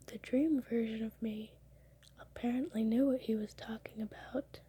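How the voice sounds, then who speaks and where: A young woman whispering close to the mic at home late at night, telling her dreams in a soft ASMR style and now and then breaking into laughs. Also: on the high side, fairly even intonation, normal speed, husky. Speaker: ASMR creator.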